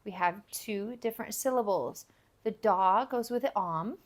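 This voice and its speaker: A woman's voice: mid-range voice, a little slow. A woman giving a recorded phonics lesson, patiently explaining step by step and repeating example words for learners. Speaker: language teacher.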